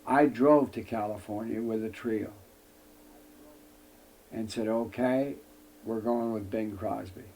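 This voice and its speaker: An older man from the United States tells an anecdote in an interview, using folksy phrasing and acting out what others said. His voice has a gravelly, creaky edge. A faint noise sits under it. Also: on the low side, steady tone, slow, pauses often, a little mellow. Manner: acts out other people's lines in a long tale; folksy wording with frequent "I says". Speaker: interview guest. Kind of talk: storytelling anecdote.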